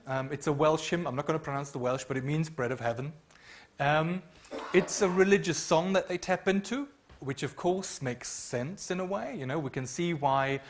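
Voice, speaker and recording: A middle-aged man lecturing at a university, his voice sitting a little high for a man. He explains patiently, hedging with frequent ums and now and then humming a tune to show a point. He speaks into a microphone in a lecture room. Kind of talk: academic lecture.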